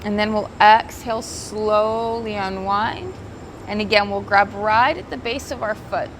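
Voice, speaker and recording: A woman teaching a guided yoga class outdoors by the ocean, giving gentle, soothing, unhurried cues and slipping into Spanish now and then. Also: medium pitch, slight background noise. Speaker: yoga instructor.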